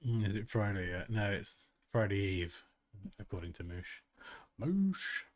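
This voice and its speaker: A man with a fairly low voice talks through a design tutorial on a live stream. He is chatty and self-mocking and breaks into laughs between steps, speaking close to a desk mic. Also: fairly even intonation, moderate pace. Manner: chatty and self-mocking, laughs often, reads out chat comments. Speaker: design tutorial livestream host. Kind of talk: casual live tutorial chat.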